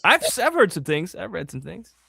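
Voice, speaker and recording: Male co-host, bright and a bit high, easygoing and profane. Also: wildly swooping pitch, fairly quick, creaky, breathy edge. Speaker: podcast co-host. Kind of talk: casual chat.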